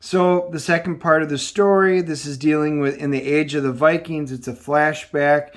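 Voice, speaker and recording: A man's voice: fairly high pitch, steady tone, normal speed. A man reviewing comic books and retelling the story in a casual way, with many fillers and restarts.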